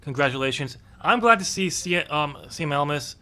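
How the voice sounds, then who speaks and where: A man co-hosts a podcast in a loose, casual chat. His voice is fairly high and bright, and he talks in an opinionated way, full of ums. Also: lively intonation, moderate pace. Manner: opinionated, chatty with frequent ums. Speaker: podcast co-host.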